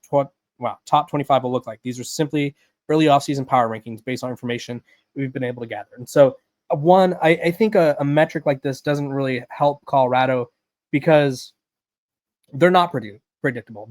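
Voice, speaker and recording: Sports podcast host, male, mid-pitch, quick bursts of analysis with frequent "right?", dry close sound. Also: a little mellow, dry recording. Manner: talks in rapid bursts, lots of "right?" and restarts.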